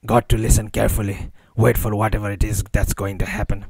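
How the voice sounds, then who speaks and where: A man's voice: on the low side, little pitch movement, quick pace, gravelly, a little mellow, a little hiss or hum. A man doing a blunt, impatient young guy. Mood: frustrated. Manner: blunt slangy talk.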